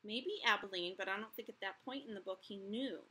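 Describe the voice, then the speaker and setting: A woman teacher reading a chapter book aloud to her students, gently pausing to ask questions and reflect. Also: medium pitch, slightly rough, poor audio.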